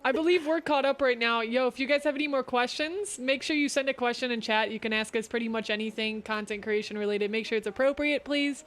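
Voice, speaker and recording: A woman's voice: on the high side, brisk, hardly any pauses, fairly bright tone. A woman hosting a casual creator talk stream, reading viewer questions and giving encouraging advice. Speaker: host. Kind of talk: casual chat.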